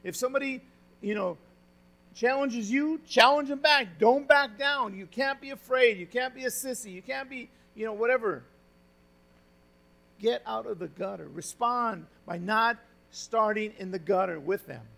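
Male preacher, high-pitched, punchy delivery with sudden hushed asides to the flock. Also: expressive, a little slow, creaky. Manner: emphatic, swings from loud exhortation to quiet confiding; says "friends" and asks the congregation questions. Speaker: pastor. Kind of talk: sermon.

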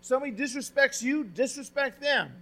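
Male preacher, high-pitched, punchy delivery with sudden hushed asides to the flock. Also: animated, brisk. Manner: emphatic, swings from loud exhortation to quiet confiding; says "friends" and asks the congregation questions. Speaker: pastor. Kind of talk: sermon.

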